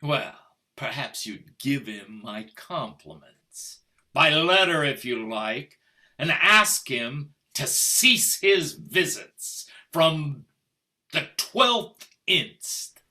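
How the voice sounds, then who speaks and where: A man's voice: on the high side, lively intonation, drawn-out words, sharp tone, exaggerated voice. An older man playing a cold, formal husband, on a video call, speaking with precise diction and sarcastic menace. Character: stiff, icy English husband Richard, middle-aged. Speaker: stage actor. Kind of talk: stage play reading over video call.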